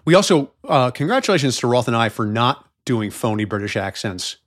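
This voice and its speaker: A man co-hosting a casual podcast chat, animated and swearing freely, reading the show credits. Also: medium pitch, brisk, dry recording, clean studio sound. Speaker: podcast co-host.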